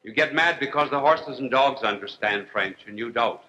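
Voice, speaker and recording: A man speaks as a priest giving a lecture to a television audience. His voice is sharp and bright, and his delivery is wry and unhurried. He spaces his phrases out and drops his jokes with a straight face. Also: mid-range voice, slight background noise, low-quality recording. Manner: wry, deliberate, with long pauses and dry jokes. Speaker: priest and TV host.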